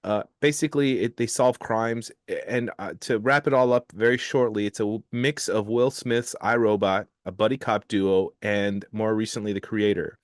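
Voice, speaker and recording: A man's voice: fairly low pitch, fairly even intonation, normal speed, few pauses, no room sound, studio quality. A man on a podcast, hesitantly rambling through a description of a show. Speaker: podcast guest. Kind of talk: casual podcast chat.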